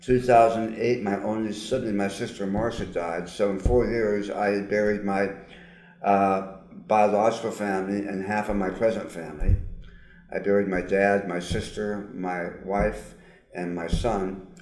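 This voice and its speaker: Brief: older man with lowish voice and slightly altered diction from surgery, earnest testimony, roomy echo. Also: fairly even intonation, a little mellow. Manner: earnest, emphatic, with frequent pauses and fillers. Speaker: guest, psychologist. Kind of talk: personal testimony in an interview.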